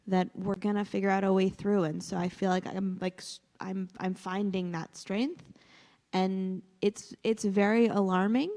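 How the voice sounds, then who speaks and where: A woman's voice: medium pitch, warm tone. A woman in a class discussion, speaking reflectively and with some hesitation. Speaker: class participant. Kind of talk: group discussion. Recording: long hall reverb.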